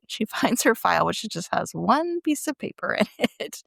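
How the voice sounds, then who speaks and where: Creaky-voiced woman recapping a show. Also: a little high, very animated, moderate pace, a bit bright, no echo, studio quality. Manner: laughs often, chatty, acts out quoted lines. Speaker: podcast guest recapping a TV episode. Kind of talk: casual chat, recapping a show.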